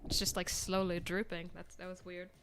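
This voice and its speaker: A woman's voice: fairly low pitch, monotone, moderate pace, background noise. A young American woman chatting casually and rambling with many fillers while she paints at home on a stand microphone. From United States. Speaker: painting vlogger. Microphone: desk microphone on a stand.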